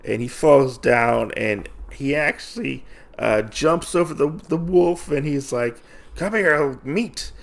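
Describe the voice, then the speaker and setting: A man with a gravelly, mid-range voice talks through a comic book story for his podcast. He rambles casually, stumbling and restarting as he goes, and his delivery stays loose and conversational. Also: medium pitch, measured pace. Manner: rambling, heavy on fillers and restarts. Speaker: podcast host.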